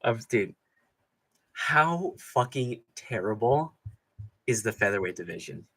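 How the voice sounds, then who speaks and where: Young male streamer host, sarcastic and profane, bright voice with a bouncing pitch. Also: expressive, takes it slowly. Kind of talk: live fight reaction commentary.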